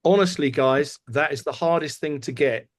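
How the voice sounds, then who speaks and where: A middle-aged man co-hosting a podcast, chatting casually and telling lively anecdotes about touring. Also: on the high side, normal speed. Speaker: podcast co-host. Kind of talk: casual chat.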